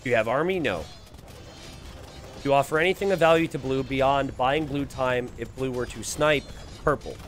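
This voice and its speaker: A man's voice: medium pitch, normal speed, a little hiss or hum. A man commentating a strategy game live on stream and reading the chat aloud. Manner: animated, reads viewer chat aloud.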